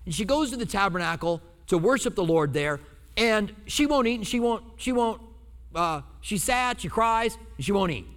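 A man's voice: high voice, moderate pace. A male pastor preaching a sermon in a church, telling stories with humor and acting out quotes. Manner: animated storytelling preacher, acts out quotes with humor. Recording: long hall reverb.

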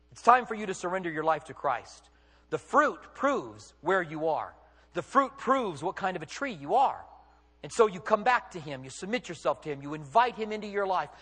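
Male pastor, sermon delivery: high, expressive pitch, emphatic and questioning; long hall reverb. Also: breathy edge. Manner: emphatic, rhetorical questions, acts out quotes.

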